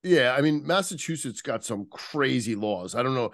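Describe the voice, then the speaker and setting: A man's voice: mid-range voice, animated, normal speed, fairly bright tone, no echo, studio quality. A man as a podcast guest, explaining like an instructor and stopping to search for the right word. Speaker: interview guest, nonverbal communication instructor. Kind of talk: casual podcast interview.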